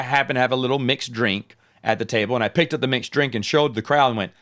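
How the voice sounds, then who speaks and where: A man's voice: mid-range voice, fast, few pauses, a bit bright. A man hosting his own podcast, talking casually and telling a story with animation, often restarting his sentences. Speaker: podcast host. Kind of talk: casual solo podcast monologue.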